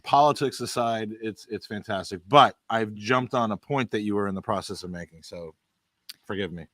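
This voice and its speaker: Man hosting a podcast chat, halting and repetitive, dry sound. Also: on the low side, fairly bright tone, dry recording. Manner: halting, repeats words often. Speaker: podcast host. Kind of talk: casual chat.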